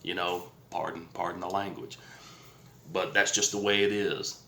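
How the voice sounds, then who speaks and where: A man's voice: low-pitched, flat delivery, normal speed, bright, forceful tone, slight background noise. Blunt man telling a story, echoey room. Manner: blunt, plain-spoken, swears now and then. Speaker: vlogger. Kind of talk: casual storytelling. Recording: roomy echo.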